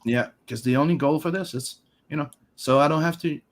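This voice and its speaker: A man's voice: fairly high pitch, brisk. A man from Canada co-hosting a live stream, talking loosely and swearing freely, with lots of filler phrases. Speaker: streamer co-host. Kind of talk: casual live-stream chat.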